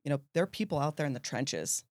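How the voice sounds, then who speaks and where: A man's voice: fairly high pitch, lively intonation, fast, no room sound, studio quality. A man hosting a podcast interview, effusive and grateful, often repeating words as he talks. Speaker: podcast host. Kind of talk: casual interview chat.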